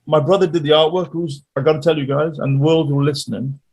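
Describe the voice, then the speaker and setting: A man telling stories as a guest musician in a casual interview, animated and rambling. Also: fairly high pitch, fast talker, breathy edge, lo-fi sound.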